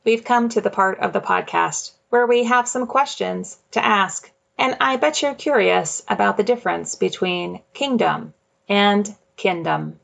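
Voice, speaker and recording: A woman hosting a faith podcast, reading her script in a measured, gentle way. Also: mid-range voice, creaky. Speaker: podcast host.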